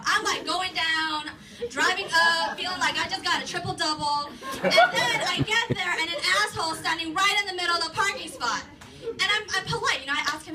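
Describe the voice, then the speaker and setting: A woman's voice: very high voice, animated, a little fast, pushed and bright. A young woman performing a stand-up comedy set in a club, telling a rambling, profane story full of "like". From Los Angeles area. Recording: distant mic, noisy club.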